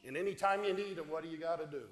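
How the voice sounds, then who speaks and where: A deacon preaching a homily from a church sanctuary, chatty and questioning with his congregation. His voice is a touch high for a man. It rings through a big room with a long, echoing tail. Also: rapid-fire. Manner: conversational, asks the congregation questions. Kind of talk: homily, storytelling. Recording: echoey church hall.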